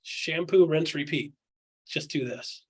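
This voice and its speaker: A man with a somewhat high, husky voice coaches real estate agents in a candid, one-on-one style. He drives his points home with quick rhetorical questions and slips into other people's voices to act out what they say. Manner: acts out quotes in other voices.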